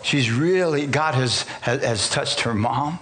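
A man, a pastor, preaching a sermon as a lively personal testimony, acting out the dialogue and laughing at himself. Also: medium pitch, measured pace.

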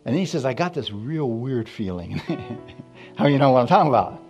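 A male pastor preaching, with a voice at an average pitch. He tells stories and acts out the quotes, climbing to loud, fervent exclamations. Faint instrumental music plays behind him. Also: animated, normal speed. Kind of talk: sermon.

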